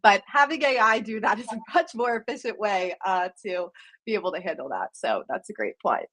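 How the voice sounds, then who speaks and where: A woman's voice: medium pitch, animated, fairly quick, fairly bright tone, poor audio. Woman moderating a business webinar. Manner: fluent, organized, with occasional ums. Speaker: sales director hosting a webinar. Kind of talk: webinar presentation and Q&A.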